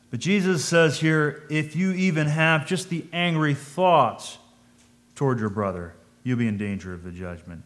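A preacher delivers a conversational sermon, thinking aloud, questioning his listeners and reading scripture in old-fashioned language. His voice is fairly high and he speaks at a normal speed.

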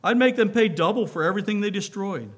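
A cocky young man who speaks with hot fervor and easy bluster, his voice pitched a little high, as a preacher reads him. He sounds sure of himself in a storybook way. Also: lively intonation, fairly quick, fairly bright tone. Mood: boastful. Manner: fervent, boastful. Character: brash boastful young man.

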